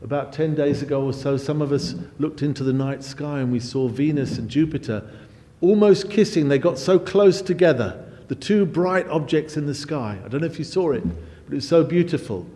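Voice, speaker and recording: A male preacher delivering a sermon with a fairly high voice. He is emphatic and swells louder and higher on key phrases. The sound carries a long hall reverb. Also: moderate pace.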